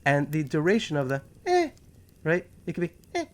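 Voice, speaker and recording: A man from New York with a New York accent, hosting a talk show in a casual, animated monologue full of sarcastic asides. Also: a little high, fast. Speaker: podcast host.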